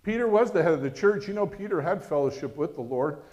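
Pastor guy preaching, fairly high voice, gets real animated, swings loud and soft. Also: fast talker. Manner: animated preaching, acts out quotes with rising voice. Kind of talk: sermon.

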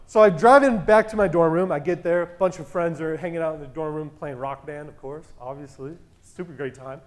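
High-voiced man telling a story. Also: a little fast. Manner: animated, acts out quoted dialogue; loud voice that carries. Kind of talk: casual storytelling.

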